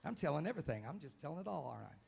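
A pastor preaching live in a church, his voice gravelly and a little husky, set fairly high for a man. He swings widely in pitch and loudness and acts out scenes with sudden outbursts, a dramatic, vocal way of speaking. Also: big pitch swings, rapid-fire. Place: church sanctuary, live service.

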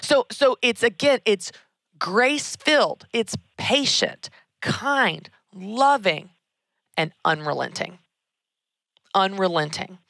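A woman, hosting a casual advice talk in an energetic, emphatic way, repeating key words. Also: mid-range voice, slow pace, gravelly, dry recording, studio quality. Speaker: podcast host answering a listener question.

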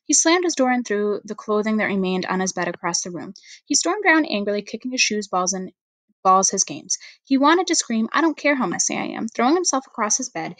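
A woman reading a children's storybook aloud in an expressive, steady narration. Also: mid-range voice, fairly quick, dry recording. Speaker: reader.

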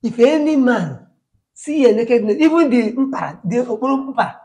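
A woman playing a high-pitched, stammering gossip neighbor. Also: big pitch swings, normal speed, a little mellow. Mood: excited. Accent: Nigerian. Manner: stammers, laughs mid-sentence, mixes pidgin. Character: gossipy excitable neighbor woman, dramatic and superstitious. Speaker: comic skit actor. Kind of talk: comedy skit acting.

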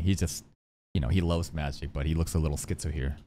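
A man reacting live to an anime episode, excitable and profane, jumping between loud outbursts and low mutters. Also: fast, a little hiss or hum.

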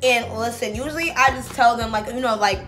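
A woman's voice: a little high, fairly quick, fairly bright tone, soft background music. A woman vlogger chatting casually to her viewers while getting ready, sassy and talkative, calling them baby and y'all. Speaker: beauty vlogger. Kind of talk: casual get-ready-with-me chat.

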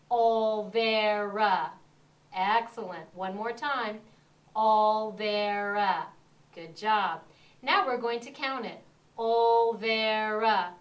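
A woman kindergarten teacher coaching children with lively praise and drawn-out words. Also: on the high side. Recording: distant mic.

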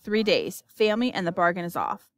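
A woman's voice: lowish voice, sing-song, moderate pace, no room sound. A woman reading an audiobook, voicing a greedy, scheming old male miller with a menacing, commanding manner.

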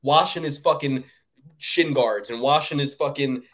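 A man co-hosting a sports betting podcast, ranting in casual, profane chat with sudden jumps up in pitch. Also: moderate pace, fairly bright tone. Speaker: podcast co-host.

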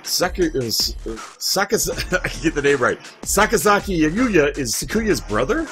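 A man's voice: a little high, sing-song, normal speed, fairly bright tone, soft background music. A young man narrating a visual novel let's-play, reading the story aloud in a joking way and swearing casually.

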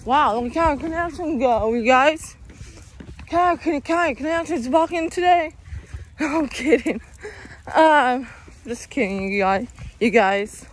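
A woman's voice: high-pitched, takes it slowly, slight background noise. Breathless young woman vlogging outdoors. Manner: rambling, says "you guys" constantly. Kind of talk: casual vlog chat. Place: outdoors walking around town.

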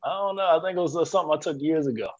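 A man who is a comedian and author, joining a podcast over a video call, talking in a relaxed, joking way and laughing easily. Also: on the high side, racing. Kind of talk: casual chat. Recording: dull lo-fi video call audio.

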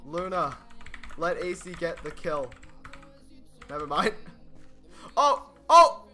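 A man streaming gameplay, chatting casually, getting excited and laughing often. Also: a little high, slow pace, faint music behind. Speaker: gaming streamer. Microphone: desk microphone.

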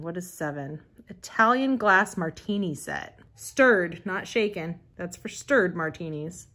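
Woman host, casual vlog commentary; chatty and excitable, reads lines aloud and reacts. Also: fairly low pitch. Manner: chatty and excitable, gasps and laughs at items. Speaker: vintage catalog vlogger. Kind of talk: casual commentary while reading a catalog.

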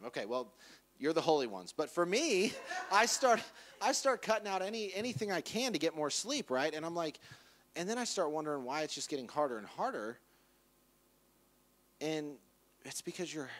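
A man's voice: a little high, sing-song, normal speed, a bit bright. A man preaching a conversational sermon in church, casually acting out quoted voices. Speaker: pastor.

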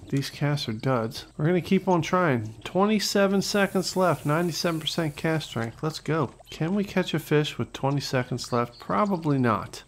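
A man hosting a fishing game let's-play, joking and talking the viewer through each cast with sudden bursts of excitement. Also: a little high, a little hiss or hum. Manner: jokey, excitable, talks to the viewer. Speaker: gaming channel host.

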